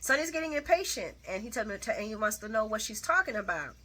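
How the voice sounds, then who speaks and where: A woman with a bright, forward voice talks through a soap opera recap like she's catching up a friend. Her delivery is chatty and animated, with blunt personal asides between the retold scenes. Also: on the high side, fast. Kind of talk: casual retelling of a TV episode.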